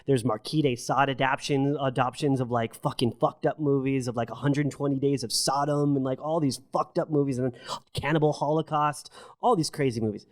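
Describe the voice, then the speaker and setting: A middle-aged man guesting on a podcast, talking in a loose, casual way. He swears constantly and says bro a lot, and he speaks emphatically in quick bursts. His voice sits at a mid pitch for a man. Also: fairly even intonation. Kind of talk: casual conversation.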